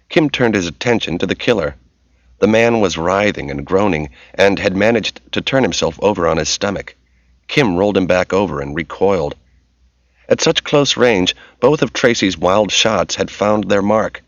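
A man giving steady, measured scripted narration of a novel, in a dull, lo-fi audiobook recording. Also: deep voice, no room sound.

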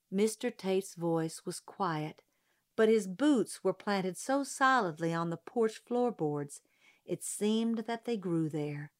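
A woman narrating a novel as an audiobook, in a measured, even manner. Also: medium pitch.

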